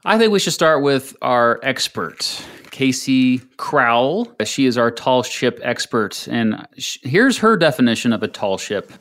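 Casting: man, podcast co-host, easygoing chat, mid pitch, laughs often. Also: a little slow, few pauses. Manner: relaxed, laughs easily, reads out facts.

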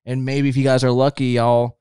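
A man's voice: medium pitch, level tone, brisk, mellow, clean tone, no echo, studio quality. Playful laughing male host. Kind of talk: casual chat. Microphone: studio mic.

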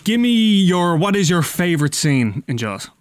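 A man's voice: on the high side, sing-song, normal speed, slight background noise. A man hosting a casual chat, thinking aloud, hesitant and full of fillers. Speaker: host.

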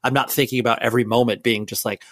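A man's voice: mid-range voice, steady tone, very fast, fairly bright tone, no echo. Host guy musing along, stumbles a bit, dry mic. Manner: agreeable, short backchannels. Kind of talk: casual conversation.

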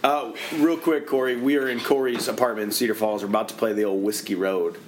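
A man's voice: fairly low pitch, steady tone, fast, a little hiss or hum. A man, co-hosting a casual chat among friends, laughing often and telling stories. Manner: laughing, storytelling. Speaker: podcast co-host.

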